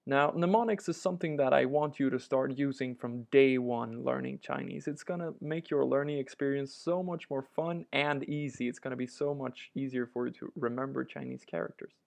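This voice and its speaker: A man's voice: mid-range voice, moderate pace, vocal fry, hardly any pauses. A man teaching a language lesson, patiently walking through each example and repeating it. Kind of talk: instructional walkthrough.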